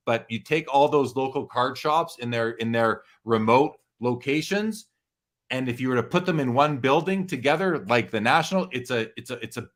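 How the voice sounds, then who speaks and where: A man's voice: medium pitch, fairly bright tone. A man hosting a live sports card show, talking earnestly and reflectively with his guest and reading viewer comments.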